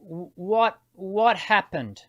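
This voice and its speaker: A man hosting an interview as a voice teacher, speaking haltingly and repeating words as he starts his sentences. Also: high-pitched, expressive, a bit bright, lo-fi sound. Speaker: host, voice teacher. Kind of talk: casual interview questions.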